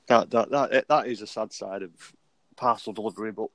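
A man's voice: on the low side, a little fast, fairly bright tone, dry recording. A man co-hosting a casual podcast, chatty and telling loose anecdotes. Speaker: podcast co-host.

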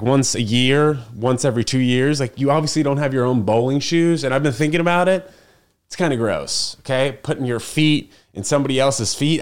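A young man, chatting solo in a loose, rambling way to a camera set on his fridge at home. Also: medium pitch. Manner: rambling, filler-heavy storytelling. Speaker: podcast host. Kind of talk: casual solo vlog chat. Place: apartment kitchen. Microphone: camera on a refrigerator.

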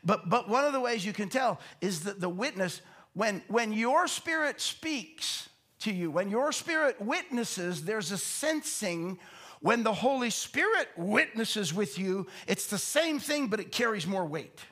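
High-voiced man teaching a sermon. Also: expressive, measured pace, a bit bright. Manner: conversational, repeats words, asks rhetorical questions. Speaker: pastor.

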